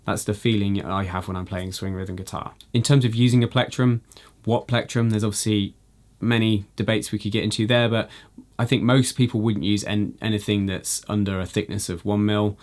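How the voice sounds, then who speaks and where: A man teaching a jazz guitar lesson, explaining in a relaxed way with frequent "you know" fillers. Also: on the low side, moderate pace, few pauses. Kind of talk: instructional video lesson.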